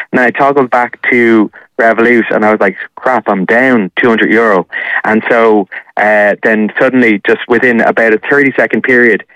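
Smooth-voiced man telling a story. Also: fairly low pitch, a bit bright, no echo, low-quality recording. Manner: rambling storytelling with many fillers. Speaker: caller, journalist. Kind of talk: telling a personal story on radio.

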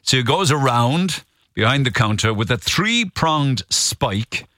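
A man's voice: medium pitch, very animated, measured pace, sharp tone, no echo, clean studio sound. An Irish man hosting a radio phone-in, talking in an emphatic, incredulous way. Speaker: radio host.

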